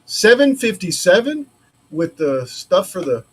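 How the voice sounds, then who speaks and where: A man's voice: sits high, very animated, measured pace, husky. A man chatting casually on a livestream from his woodworking shop, rambling and thinking aloud as he works. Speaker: maker streaming a laser-cut build.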